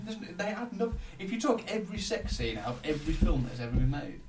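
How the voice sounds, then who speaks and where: A man's voice: on the high side, big pitch swings, quick pace. Rambling young man, distant mic. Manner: rambling, swearing, filler-heavy. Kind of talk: casual podcast banter. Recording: distant mic with background noise.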